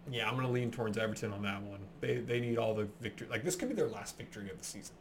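A young man co-hosting a casual football podcast, chatty and animated, telling stories and laughing often. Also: lowish voice, very fast. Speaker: podcast co-host. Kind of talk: casual sports chat.

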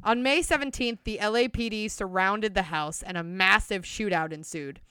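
A woman's voice: mid-range voice, normal speed, bright, forceful tone, smooth, dry recording, studio quality. A young woman co-hosting a podcast, retelling a true-crime case from notes with chatty asides. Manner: reads notes with chatty asides and frequent laughter. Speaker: podcast co-host. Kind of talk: casual true-crime storytelling.

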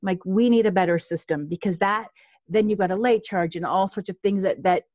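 A chatty woman speaks as a guest coach in a relaxed podcast conversation. Her voice sits at a middle pitch and sounds dry and close to the mic. She talks in a lively way and laughs easily. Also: brisk, no echo. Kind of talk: casual podcast interview.

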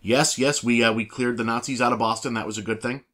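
A man's voice: mid-range voice, fairly even intonation, fast, fairly bright tone. A man co-hosting a podcast in casual chat, easygoing and often repeating words as he talks. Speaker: podcast co-host.

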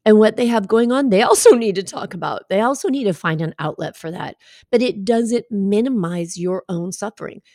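A woman's voice: medium pitch, lively intonation, moderate pace, a little mellow, dry recording. Woman coach with a mid-range voice, passionate and direct, recorded dry with no room sound. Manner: passionate, earnest and emphatic; conversational, speaking directly to the listener. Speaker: breast cancer coach.

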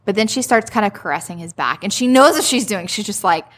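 A woman from the American South, excitedly recapping a book in casual chat and swearing freely. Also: medium pitch, quick pace, a little hiss or hum.

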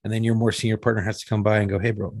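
A police officer telling a story in casual chat, acting out the dialogue and swearing freely. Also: male voice, lowish voice, level tone, rapid-fire, dry recording.

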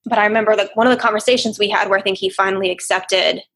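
Young woman, therapist guest, earnest, reflective, gravelly fry, husky tone. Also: medium pitch, fairly even intonation, racing, fairly bright tone. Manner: earnest, reflective, sometimes emotional. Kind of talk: candid interview conversation.

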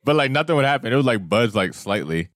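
Animated man mimicking movie moments. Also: mid-range voice, fast talker, no echo, studio quality. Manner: animated, mimics sounds and voices. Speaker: podcast co-host. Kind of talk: casual movie chat.

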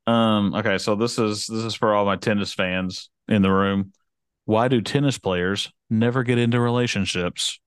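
A man co-hosting a casual podcast, trading dad jokes and teasing his friend, quick to laugh. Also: lowish voice, steady tone, smooth, no room sound, studio quality. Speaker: podcast co-host.

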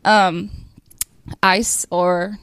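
Woman, AAVE speaker, emotional family tribute, halting and teary with nervous laughs, close dry recording. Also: medium pitch, flat delivery, fairly bright tone, smooth, no room sound. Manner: tearful, laughing through emotion, many fillers. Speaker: family member giving a thank-you speech. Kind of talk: emotional casual speech.

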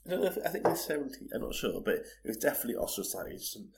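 A man's voice: mid-range voice, big pitch swings, very fast, creaky, slight background noise. A man co-hosting a podcast, chatting casually with frequent laughs and hesitant fillers. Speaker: podcast co-host. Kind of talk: casual chat.

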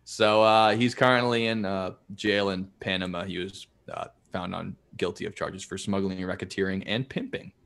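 A man's voice: sits low, little pitch movement, normal speed, creaky, few pauses, a bit bright. A man co-hosting a casual podcast, joking and swearing freely as he laughs through the chat. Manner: laughing, profane, jokey. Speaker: podcast co-host.

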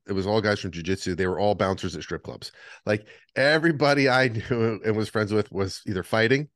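A man with a lowish voice tells lively, animated stories in casual podcast chat. The sound is dry and close, with little room. He acts out the other people in his stories. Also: no echo. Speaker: podcast co-host.

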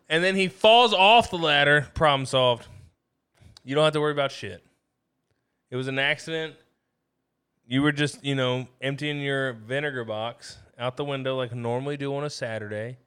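A man's voice: medium pitch, moderate pace, pushed and bright, smooth. A man co-hosting a podcast in casual chat, rambling through wild hypotheticals with lots of swearing. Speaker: podcast co-host.

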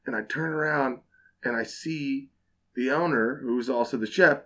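A young man, a bartender guest on a casual podcast, spins an animated, profane story. His voice sits at an ordinary middle pitch, and he talks in a loose, chatty way with plenty of restarts. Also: moderate pace.

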